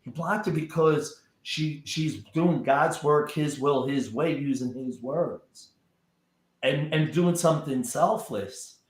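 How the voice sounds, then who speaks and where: A man's voice: fairly high pitch, slow pace, roomy sound. A man talking as a guest in a casual chat, emphatic and often repeating words as he builds up a point.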